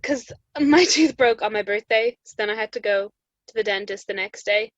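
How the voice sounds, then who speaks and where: A woman's voice: mid-range voice, moderate pace, no echo. A young Irish woman co-hosting a podcast, chatting casually and telling stories with lots of laughs. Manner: chatty storyteller, laughs often, acts out quotes. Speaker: podcast co-host. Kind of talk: casual chat. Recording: muffled podcast audio.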